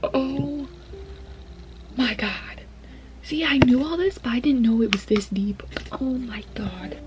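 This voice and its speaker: A woman's voice: high voice, expressive, unhurried, music in the background. A young woman book vlogger chatting casually, gushing and emotional, often dropping to a whisper. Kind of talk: casual reading vlog.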